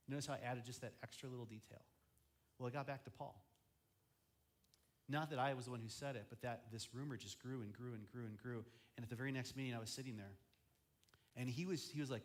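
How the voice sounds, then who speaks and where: A man's voice: mid-range voice, quick pace. A young man preaching as a student ministry pastor, chatty, often acting out quoted voices. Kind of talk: youth sermon.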